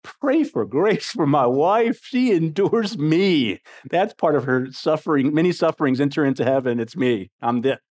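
A man preaching a sermon in an animated, expressive way, swinging between excited bursts and quiet, hushed passages. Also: a little high, moderate pace, few pauses. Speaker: pastor.

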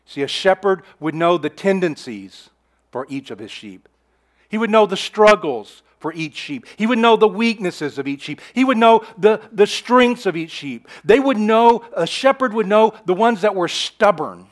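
A man preaching a sermon in an earnest, repetitive style, swinging between emphatic declarations and hushed asides. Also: high voice, lively intonation, moderate pace. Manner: repeats phrases and restarts mid-sentence. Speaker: pastor.

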